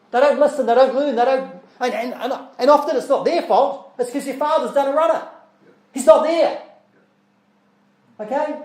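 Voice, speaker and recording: A man's voice: very high-pitched, darkish tone. Echoey male preacher asking rhetorical questions. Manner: conversational preaching with rhetorical questions and repeated words; reads scripture aloud in old-style English. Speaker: pastor. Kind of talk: sermon. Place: church.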